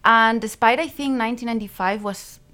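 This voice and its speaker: A woman's voice: on the high side, fairly quick, pushed and bright. A woman from Spain in her forties, a guest on a radio show, speaking English with a Spanish accent as a second language and sometimes searching for words. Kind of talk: casual radio interview. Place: radio studio.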